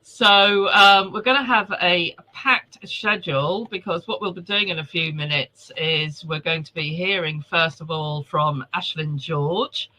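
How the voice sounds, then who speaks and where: Bright, high-voiced chatty male host. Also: unhurried, hardly any pauses, low-quality recording. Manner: chatty, greeting viewers one by one by name. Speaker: host of a virtual reader event. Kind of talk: casual live webinar welcome. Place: home. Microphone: video call.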